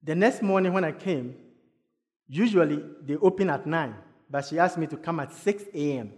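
A man's voice: on the high side, normal speed. A Ghanaian man telling a personal story to an audience, acting out each voice. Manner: animated, acts out dialogue. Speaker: speaker. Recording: long hall reverb.

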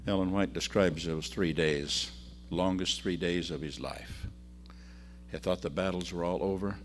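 A man preaching a sermon and reading scripture aloud, swinging between loud emphasis and quiet drops. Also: low voice, a little slow, faint music behind.

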